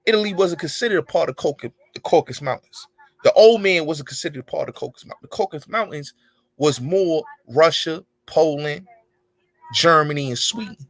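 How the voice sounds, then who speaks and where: A man's voice: on the high side, animated, a little fast, no echo. A man hosting an online show, delivering a rambling, emphatic monologue full of profanity and street slang. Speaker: show host. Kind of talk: casual monologue.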